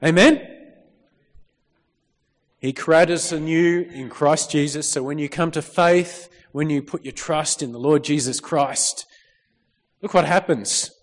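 A man's voice: on the high side, slow, long pauses. A man preaching a sermon in a church, reading scripture and calling out for amens from the congregation. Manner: lively, calls out for amens, reads scripture. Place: church hall. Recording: long reverb of a church hall.

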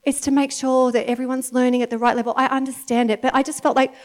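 A woman in her thirties with an Australian accent, giving a chatty, animated sermon to a congregation and often laughing. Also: high-pitched, fast. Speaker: church speaker. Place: church meeting in front of an audience.

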